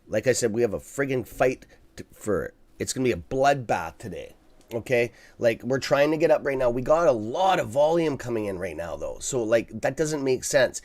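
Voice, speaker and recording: A man's voice: mid-range voice, lively intonation, normal speed, a little mellow. A man hosting a live stock market stream, talking casually and bluntly to his viewers, swearing freely and checking in with "okay?" as he rambles through restarts. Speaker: livestream stock trading host.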